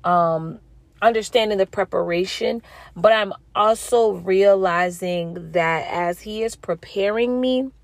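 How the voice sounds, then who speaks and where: An earnest mother shares a spiritual message with her viewers as casual spoken testimony, preachy and speaking straight to the audience. She's expressive, jumping into a high pitch when she quotes herself, on a dry recording.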